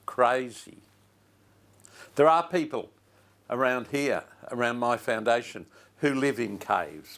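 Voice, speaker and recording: An older man, preaching a sermon as a pastor and telling a story slowly and with feeling, repeating his phrases. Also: mid-range voice, gravelly, a bit bright.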